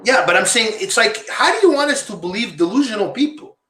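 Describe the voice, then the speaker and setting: A man's voice: high voice, expressive, fast, sharp tone, roomy sound, a little hiss or hum. A man hosting a casual panel discussion, rambling and repeating himself as he makes his points. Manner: rambling, repeats himself, asks guests questions. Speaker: podcast host.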